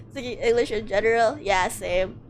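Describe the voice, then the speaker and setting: A woman's voice: on the high side, very noisy. A woman streamer casually chatting and joking about herself while reading game dialogue aloud. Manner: chatty, joking, self-mocking.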